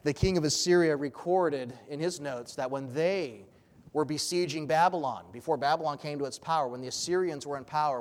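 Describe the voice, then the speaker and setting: A man's voice: fairly high pitch, big-room sound. A man preaching an expository sermon as pastor, earnest and emphatic.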